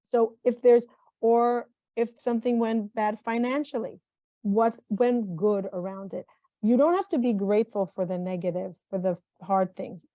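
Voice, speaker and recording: Her voice is medium in pitch with fairly even intonation and a moderate pace. As a guest in a reflective interview, the middle-aged mental health consultant talks sincerely, repeating and restarting phrases often, in a dull, dry recording with no echo.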